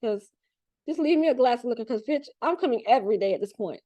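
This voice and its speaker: A woman's voice: on the high side, expressive, quick pace, warm tone, no echo. A woman voicing a visiting male spirit who talks in a casual, teasing, offhand way.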